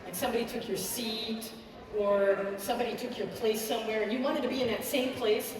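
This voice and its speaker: A woman hosting a children's concert, teaching young listeners in a lively, encouraging way, speaking in a large auditorium. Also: a little high, brisk, a crowd in the background. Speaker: pianist and children's concert host. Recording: echoey hall from far off.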